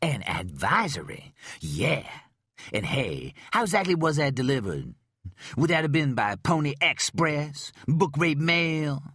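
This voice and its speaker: A man's voice: fairly high pitch, sing-song, measured pace, bright, forceful tone, husky, no echo, studio quality, pitched above the performer's own voice, full character voice. A man voicing a sarcastic, swaggering male FBI agent in an audiobook who talks in a mocking, streetwise way.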